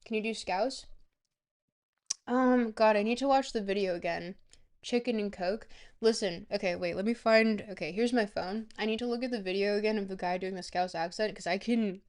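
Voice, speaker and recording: A woman streamer with a medium-pitched, somewhat dark voice chats casually with her viewers. She rambles between bites of food, filling the gaps with ums.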